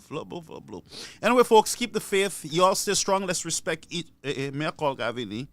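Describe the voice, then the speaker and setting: A man's voice: fairly high pitch, very animated, fairly quick, few pauses, a bit bright, dry recording. A man hosting a call-in radio show, joking and greeting listeners by name. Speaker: radio call-in host and pastor. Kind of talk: casual call-in radio chat.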